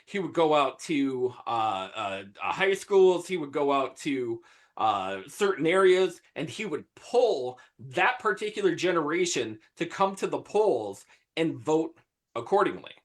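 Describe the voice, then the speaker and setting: A man's voice: fairly high pitch, very animated, unhurried. A man co-hosting a podcast in casual political chat, hesitant and searching for his words.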